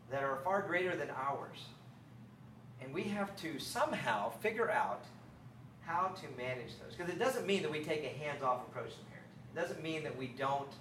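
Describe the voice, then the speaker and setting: Animated male preacher in a roomy hall. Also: on the high side, slight background noise. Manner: animated storytelling, acting out scripture dialogue. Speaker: speaker on faith and parenting. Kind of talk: sermon. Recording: roomy echo, mic at a distance.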